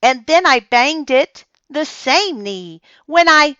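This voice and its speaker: A woman doing a chatty, excited little girl. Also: high voice, slow pace, no echo, muffled recording, pitched above the performer's own voice, heavily acted. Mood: eager. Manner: breathless rambling.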